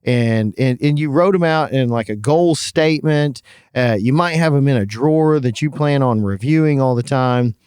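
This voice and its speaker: A man's voice: mid-range voice, normal speed, darkish tone, smooth, no room sound, studio quality. A man co-hosting a podcast in casual chat, talking with a slight lisp, laughing often and restarting his sentences. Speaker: podcast co-host.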